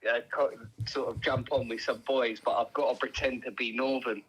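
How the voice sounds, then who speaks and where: A man's voice: mid-range voice, fairly even intonation, normal speed, a bit bright, breathy edge. A man on a phone call, good-natured, disbelieving and laughing often. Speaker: prank call target. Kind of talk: phone conversation. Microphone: phone line.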